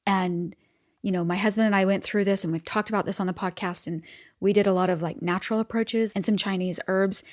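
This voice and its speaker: A middle-aged woman hosts a podcast and gives casual motivational talk. She speaks conversationally, with fillers like "you know" and frequent light laughs. Her voice sits at an ordinary pitch for a woman. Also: fairly even intonation, brisk. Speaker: podcast host.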